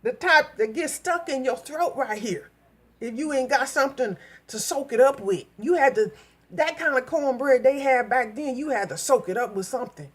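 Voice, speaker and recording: A middle-aged woman from Minnesota telling a story in a blunt, profane, animated vlog rant. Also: sits high, moderate pace, slightly rough. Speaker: vlogger.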